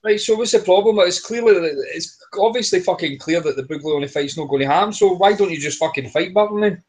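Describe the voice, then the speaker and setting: A man's voice: sits high, quick pace. A man on a casual podcast panel, blunt, sweary and skeptical.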